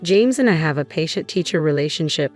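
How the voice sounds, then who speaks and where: A woman narrator voicing a calm, manipulative middle-aged man posing as a counselor. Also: deep voice, fairly quick, faint music behind. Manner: calm, smooth explaining.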